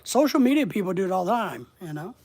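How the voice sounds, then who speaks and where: A man's voice: high-pitched, very animated, quick pace, a little mellow. Plainspoken man with a slight Southern accent. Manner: rambling, plainspoken, conversational. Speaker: online business coach. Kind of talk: casual livestream lesson.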